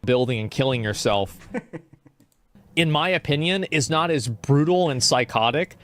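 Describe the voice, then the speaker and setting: A man's voice: mid-range voice, expressive, a little slow, a bit bright. A man in casual chat, talking earnestly and reasoning things through, with many fillers.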